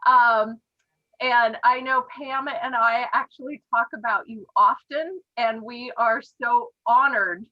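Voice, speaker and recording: Casting: higher-voiced woman, slow and teary, gushing praise; dry, muffled call audio. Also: fairly even intonation, no room sound. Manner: gushing, tearful. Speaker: sponsor. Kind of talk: emotional tribute on a team call. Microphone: online group call.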